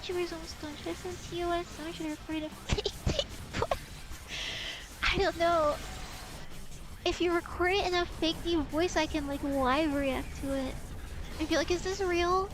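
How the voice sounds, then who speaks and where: Very high-pitched young woman streamer. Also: steady tone, normal speed, pauses often, over music, rough recording. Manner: playful, swearing, teasing banter with chat. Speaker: game streamer. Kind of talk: casual live gameplay stream chat.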